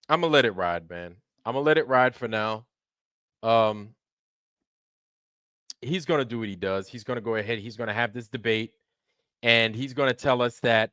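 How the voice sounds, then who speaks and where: A man's voice: mid-range voice, a little slow, pauses often, fairly bright tone, no echo, studio quality. Profane ranting livestream host, man. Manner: profane, sarcastic, greets chat viewers by name.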